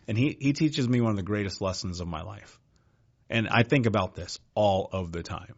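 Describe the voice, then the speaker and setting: A man's voice: on the low side, moderate pace, lo-fi sound. A man as a podcast guest, telling his life story in a blunt, casual way with frequent swearing and "dude.". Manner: blunt, profane, says "dude" often.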